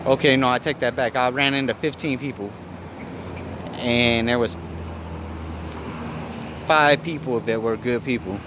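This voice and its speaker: A man casually telling stories, rambling and correcting himself, swearing freely, and acting out other people's lines in a higher voice. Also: fairly even intonation, measured pace, long pauses, noisy background. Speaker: vlogger. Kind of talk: casual storytelling.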